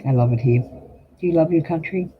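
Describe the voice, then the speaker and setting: A man's voice: fairly high pitch, moderate pace, slight background noise. An older man with an Australian accent, chatting casually and rambling with livestream viewers, full of ums, as a tarot reader. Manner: rambling, chatty, frequent ums, talks straight to chat. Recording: tinny phone-like husky audio.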